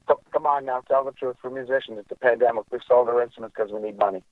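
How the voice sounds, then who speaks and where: A man chatting casually as a guest musician, animated and storytelling. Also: mid-range voice, quick pace, no room sound. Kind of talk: casual chat. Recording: dull lo-fi audio.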